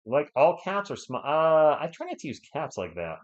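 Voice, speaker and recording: Excitable man calling a game live. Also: fairly high pitch, moderate pace, muffled recording. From New England. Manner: excitable, fired-up, talks straight to chat viewers. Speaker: live-stream sports host. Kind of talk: live play-by-play commentary and chat replies.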